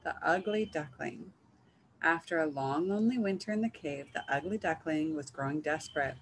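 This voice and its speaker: A woman reading a picture book aloud in a gentle, measured storytelling manner. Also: deep voice, a little hiss or hum, poor audio. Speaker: reader.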